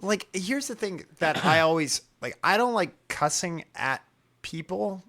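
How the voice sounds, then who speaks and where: Male co-host for a casual podcast, loud and passionate, restarts his sentences often. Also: high-pitched, lively intonation, unhurried. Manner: loud, self-described passionate talker; rambling, restarts a lot.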